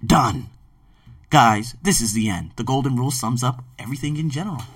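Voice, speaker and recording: A man hosting a podcast and reviewing a book, talking emphatically and swinging between loud outbursts and low murmurs. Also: lively intonation, a little fast, no echo, recorded from a distance. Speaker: podcast host. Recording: dry, set back from the mic.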